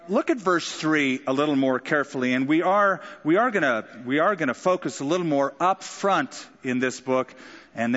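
A man's voice: on the high side, a bit bright, big-room sound, lo-fi sound. A man preaching a sermon in a conversational way, acting out quoted lines with dramatic flair. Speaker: pastor.

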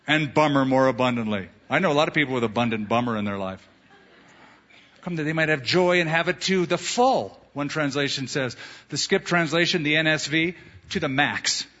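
A male pastor preaching a sermon, animated, acting out quoted voices in his stories. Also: fairly high pitch, fairly quick. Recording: dull lo-fi sound in a reverberant hall.

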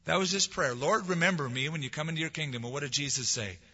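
Husky bright preacher guy, sermon swinging loud then soft, dull echoey church sound. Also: fairly high pitch, fast. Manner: preaching with swelling emphasis and soft drops. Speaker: pastor.

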